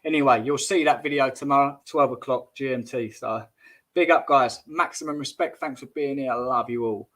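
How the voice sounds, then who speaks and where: A man chats casually through a livestream, reading viewer comments and laughing them off. His voice sits at a middling pitch and he keeps it matey and informal. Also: moderate pace, fairly bright tone. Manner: chatty and jokey, says mate, laughs at chat comments. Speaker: YouTube livestream host. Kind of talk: casual live-stream chat.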